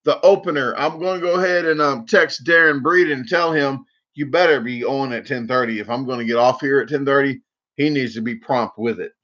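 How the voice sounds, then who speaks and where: A man's voice: medium pitch, a little fast, a bit bright, lo-fi sound. A man hosting a casual livestream, rambling and joking, repeating words for laughs. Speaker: livestream host.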